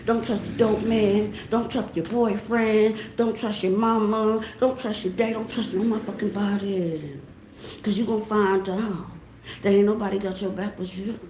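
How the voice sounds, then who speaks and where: A woman, a tarot reader ranting casually, animated and profane. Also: mid-range voice, normal speed. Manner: animated, profane, laughing often. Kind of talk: casual vlog rant. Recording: echoey room with faint hiss.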